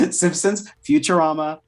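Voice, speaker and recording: A middle-aged man, a voice actor, telling stories as a guest in a casual interview, animated and chatty, swearing freely. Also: a little high, takes it slowly.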